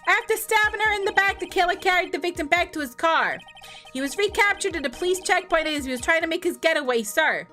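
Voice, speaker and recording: An eager young male detective, voiced by a woman who talks high, loud and earnest. His bright, forceful tone carries each line of the game reading. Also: lively intonation, quick pace, faint music behind, exaggerated voice.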